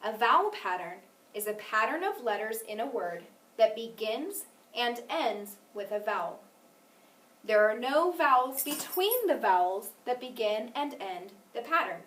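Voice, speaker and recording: Woman, phonics teacher, patient, encouraging, slightly high voice, echoey room. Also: sing-song, a little slow, a bit bright, distant mic, a little hiss or hum. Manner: patient, clear, encouraging, stresses syllables carefully. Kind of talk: one-on-one phonics lesson.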